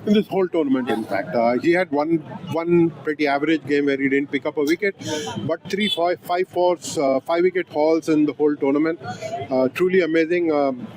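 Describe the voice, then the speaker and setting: Measured man previewing a cricket match. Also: fairly high pitch, a crowd in the background, poor audio. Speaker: cricket pundit.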